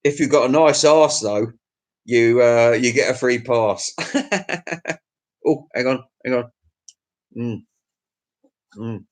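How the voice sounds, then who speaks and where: A man's voice: mid-range voice, takes it slowly, long pauses. A middle-aged man with an English accent, rambling crudely through a casual livestream chat with his viewers. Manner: rambling, crude, chuckling to himself. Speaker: livestream host.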